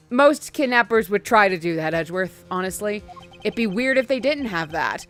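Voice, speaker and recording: Young woman streamer; casual, crude, laughing commentary, mid pitch, faint music. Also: lively intonation, a little fast, a bit bright. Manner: crude, swearing, laughing, chatty.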